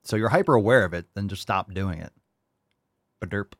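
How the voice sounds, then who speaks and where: A man's voice: fairly low pitch, fairly quick, no echo, clean studio sound. A man hosting a casual fitness podcast, reading listener posts and answering with blunt, profane tough-love rants. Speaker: podcast host.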